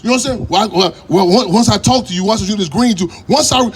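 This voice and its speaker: A man delivers a fiery political talk in a very high voice. He talks fast and spins rambling, profane stories. The crowd calls back to him as he goes. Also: breathy edge. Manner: profane, rambling storytelling with call-and-response. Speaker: activist speaker.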